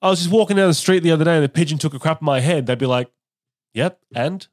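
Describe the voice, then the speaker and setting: A man's voice: on the high side, very fast. A man hosting a casual comedy podcast interview, talking animatedly and often breaking into impressions.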